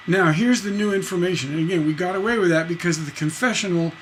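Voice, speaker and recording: A man's voice: high voice, a little fast, few pauses, fairly bright tone, a little hiss or hum. A man teaching a casual songwriting lesson, explaining with enthusiasm and breaking into sung snippets and scatted rhythms. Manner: enthusiastic, conversational, sings melody snippets and scats rhythms. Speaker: songwriting instructor.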